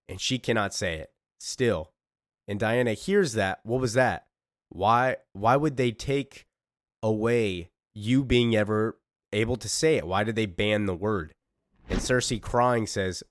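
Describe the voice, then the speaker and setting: A man reads and recaps a comic book with eager fan enthusiasm and open emotion. His voice is fairly low, and it is recorded close and dry with no room sound. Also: measured pace, no room sound. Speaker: comic book reader and reviewer.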